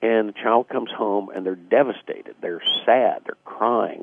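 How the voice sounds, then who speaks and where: Radio guest, male, low gravelly husky voice, reflective, over a tinny phone line. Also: measured pace. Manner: reflective, acts out quoted dialogue, frequent fillers. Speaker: guest author. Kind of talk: casual radio interview explanation.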